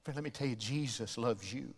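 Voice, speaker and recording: A middle-aged man from the American South preaching a sermon as pastor, moving between soft, tender asides and loud shouted climaxes. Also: medium pitch, a little fast, slightly rough. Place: church sanctuary. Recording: long reverb of a church sanctuary.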